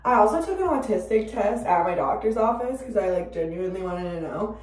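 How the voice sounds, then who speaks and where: A woman's voice: mid-range voice, lively intonation, brisk. Rambling, swearing young woman vlogger. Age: 20s. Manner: rambling, swearing, filler-heavy, sudden loud bursts. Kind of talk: casual chat. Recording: roomy, distant from the mic.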